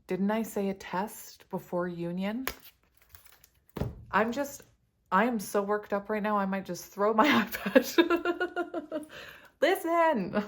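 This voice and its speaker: A woman doing a casual tarot reading for her viewers, excitable and laughing often as she talks straight to them. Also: medium pitch. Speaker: tarot reader.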